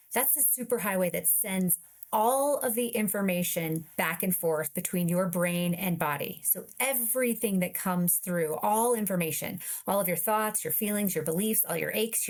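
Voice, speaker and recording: A woman therapist, a guest on a podcast, patiently explaining ideas step by step. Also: fairly low pitch. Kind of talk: explanatory interview talk.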